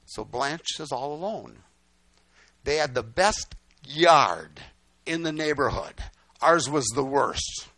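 A man's voice: mid-range voice, sharp tone, dry recording. An older man preaching, telling folksy stories with repeated lines and "guess what?" asides. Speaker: pastor. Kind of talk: storytelling sermon.

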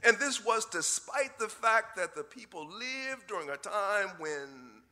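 A man preaching a sermon, telling a folksy story in a deliberate way with short pauses. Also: sits high, lively intonation, sharp tone. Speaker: pastor.

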